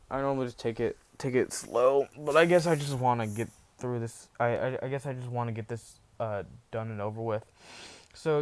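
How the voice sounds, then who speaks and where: A man's voice: mid-range voice, clean tone. A man casually narrating a fan-made story, rambling, with many fillers and restarts.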